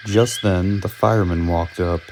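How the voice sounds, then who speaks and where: A man narrating a storybook tale in a steady, measured reading voice. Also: low-pitched, noisy background.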